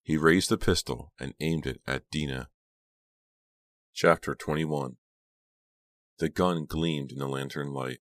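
Very deep, gravelly audiobook narrator. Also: male voice, fairly even intonation, a little slow, long pauses, dry recording. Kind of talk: scripted narration.

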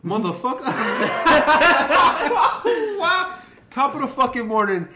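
Young man co-host, high animated voice, teasing, profane, echoey noisy room. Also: takes it slowly. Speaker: podcast co-host. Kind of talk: casual podcast banter. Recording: echoey room, clear noise.

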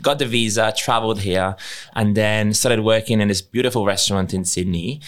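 Italian-born man with a slightly British accent, lowish voice. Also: moderate pace. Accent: Italian-English bilingual, slightly British. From Italy. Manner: playful, flirty storyteller. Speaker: podcast guest. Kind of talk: casual chat.

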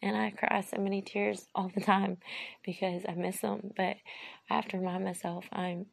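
Thirties woman with a deep-fried, raspy voice; weary, emotional, wandering personal talk. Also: level tone, normal speed, dry recording. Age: 30s. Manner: rambling, heartfelt, trails off and restarts; emotional, near tears at times. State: drained and tired.

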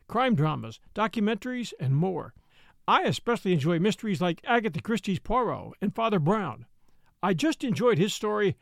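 A man's voice: sits high, dry recording, studio quality. A man hosting a show, reading a sponsor ad in an upbeat, enthusiastic way. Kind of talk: scripted ad read.

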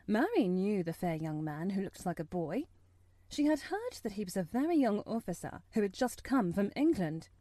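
Woman, audiobook narration, measured and expressive, mid-pitched voice, dry recording. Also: dry recording.

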